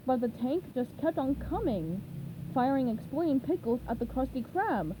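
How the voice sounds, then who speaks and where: A woman reads a children's novelization aloud at a slow, measured pace. Her voice is high and lively yet mellow in tone. A faint background noise runs beneath. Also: rough recording. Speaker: reader.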